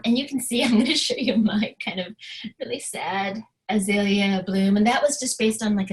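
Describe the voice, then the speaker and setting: A woman, a writer and professor, giving an informal webinar presentation in a soft, hesitant way with many filler ums. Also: on the high side, poor audio.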